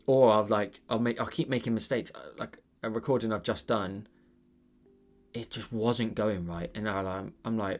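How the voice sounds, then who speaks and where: A man's voice: on the low side, steady tone, normal speed, soft background music. A British man hosting an art channel, chatting casually on a live stream while he draws, rambling with lots of fillers and restarts.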